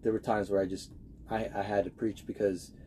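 A man's voice: fairly low pitch, level tone, a little fast, warm tone, a little hiss or hum. A young man in casual conversation, speaking earnestly and hesitantly, often restarting his sentences. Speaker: guest. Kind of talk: casual chat.

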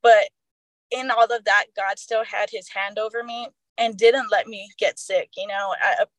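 A woman's voice: mid-range voice, steady tone, normal speed, no room sound, poor audio. A young adult woman telling a personal faith story in a casual, earnest way, with many fillers and restarts. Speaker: guest sharing her testimony.

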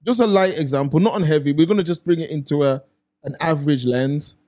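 A young man co-hosts a casual chat show, talking through his points with everyday examples. His voice is mellow and warm, pitched a touch high for a man. He sounds relaxed and easygoing. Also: quick pace. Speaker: podcast co-host.

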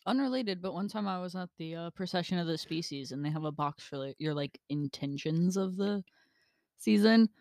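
A podcast co-host chatting casually, soft-spoken with dry, teasing asides. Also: mid-range voice, normal speed, creaky, dry recording. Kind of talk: casual chat.

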